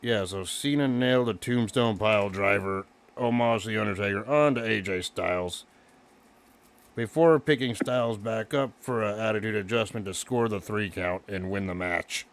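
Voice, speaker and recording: A man co-hosting a casual wrestling review, excitedly recapping the match move by move. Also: fairly low pitch, normal speed. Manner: excited, recaps moves play by play. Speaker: podcast co-host.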